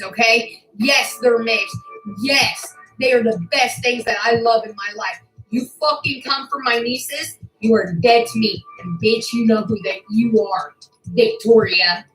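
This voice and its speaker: A woman's voice: a little high, a little slow, fairly bright tone, roomy sound, soft background music, low-quality recording. A woman ranting furiously to her channel, swearing and making threats, near tears with anger. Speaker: YouTuber. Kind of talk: angry rant to camera.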